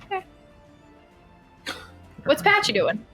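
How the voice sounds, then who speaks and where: High-voiced woman player. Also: sing-song, takes it slowly, fairly bright tone, soft background music. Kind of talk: casual game chat.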